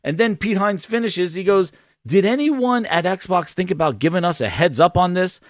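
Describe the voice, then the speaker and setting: A man hosting a gaming podcast, telling a rambling, animated story in casual commentary. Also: sits high, moderate pace, no room sound, studio quality. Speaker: podcast host.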